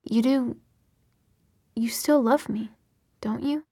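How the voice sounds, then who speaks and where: A woman's voice: fairly high pitch, slow, warm tone, dry recording, studio quality, heavily acted. A woman reading as a cocky young man. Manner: smooth, lightly mocking. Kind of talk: audiobook reading.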